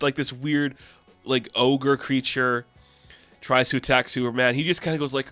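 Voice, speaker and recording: Brief: enthusiastic male comic reviewer, smooth clear voice, dry close sound. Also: medium pitch, fairly even intonation, brisk, sharp tone, no echo, faint music behind. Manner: chatty, enthusiastic, laughs often.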